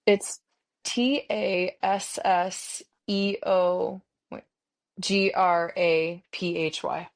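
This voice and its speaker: A woman's voice: lowish voice, fairly even intonation, very slow. An American woman hosting a podcast, chatting casually with lots of fillers like um and like. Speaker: podcast host. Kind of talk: casual conversation.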